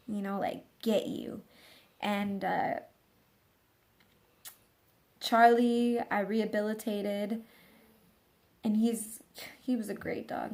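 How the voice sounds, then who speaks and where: A woman's voice: on the high side, creaky. A woman dog trainer casually telling a rambling story, full of fillers and restarts.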